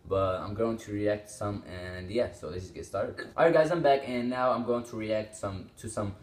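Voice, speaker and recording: Teen male reaction host, exclaims and rambles, low-ish voice in a roomy space. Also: moderate pace, slight background noise. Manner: rambling, exclaiming, swearing often. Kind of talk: casual reaction commentary. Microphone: small desktop microphone.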